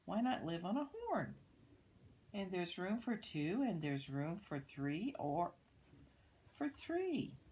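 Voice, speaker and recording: A woman's voice: sing-song, slow pace, darkish tone, a little hiss or hum. An older woman voicing a chirpy little male storybook bird. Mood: delighted. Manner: chirpy and very high.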